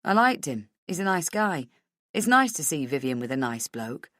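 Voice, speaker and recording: A woman voicing a patient, easygoing young boyfriend who speaks softly, low and teasing. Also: normal speed, dry recording, clean studio sound. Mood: gentle. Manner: soft, low, teasing and calm.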